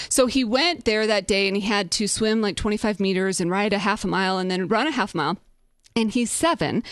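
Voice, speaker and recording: A woman's voice: fairly high pitch, no room sound, clean studio sound. A woman in her thirties hosting a podcast, telling a story in a candid, upbeat way and now and then swearing. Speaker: podcast host.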